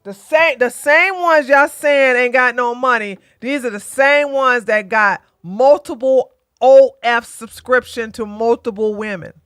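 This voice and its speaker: A woman's voice: fairly high pitch, unhurried, a bit bright, clear, resonant tone, no room sound. A woman in her forties hosting a livestream, blunt and joking as she comments and tells stories. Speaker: livestream host. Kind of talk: casual commentary and storytelling.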